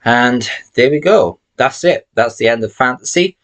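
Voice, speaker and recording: A man's voice: medium pitch, lively intonation, normal speed, fairly bright tone. A man chatting casually to camera as a video host, rambling with emphatic opinions. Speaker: channel host showing his film collection. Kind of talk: casual vlog talk to camera.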